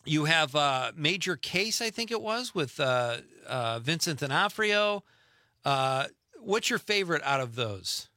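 Host: middle-aged guy, rambling banter, bright forceful voice, dry studio sound. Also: a little high, sing-song, no echo. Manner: chatty, rambling, quick laughs. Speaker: radio show host. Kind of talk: casual radio banter. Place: radio studio.

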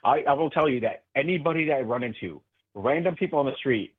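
A man's voice: mid-range voice, expressive, fast talker, slightly rough, no room sound. A man speaking as a guest in a radio interview by phone, passionate and earnest, with many restarts. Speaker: political guest. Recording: tinny phone line.

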